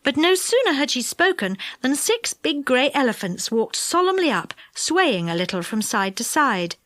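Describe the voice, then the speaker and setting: A woman narrates a children's audiobook in an expressive, unhurried way. Her voice sits a little high and moves a lot in pitch. The studio sound is dry and close. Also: no echo.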